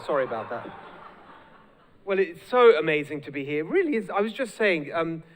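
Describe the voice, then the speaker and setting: A man with a British accent delivers a spirited speech, rallying the audience. His voice sits a little high. The sound carries a long reverb from a large hall. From United Kingdom. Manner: energetic, rallying the crowd. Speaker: guest speaker.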